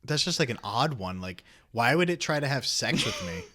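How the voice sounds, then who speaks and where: A man's voice: medium pitch, big pitch swings, moderate pace, bright, forceful tone. A young man co-hosting a casual podcast chat, telling a long story with lots of fillers and restarts. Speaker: podcast co-host.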